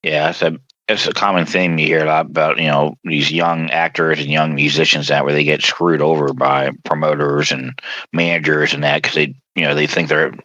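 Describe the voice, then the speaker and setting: A man's voice: very deep voice, little pitch movement, moderate pace, pushed and bright, no room sound, highs cut off. A man co-hosting a podcast, chiming in with short agreeing comments. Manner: brief agreeing responses. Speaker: podcast co-host. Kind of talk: casual chat.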